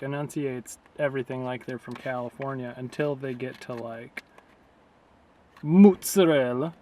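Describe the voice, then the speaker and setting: A man rambles sarcastically through a casual vlog, his voice sitting in an ordinary middle pitch. He is recorded outdoors by a river, with faint noise underneath. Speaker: vlogger.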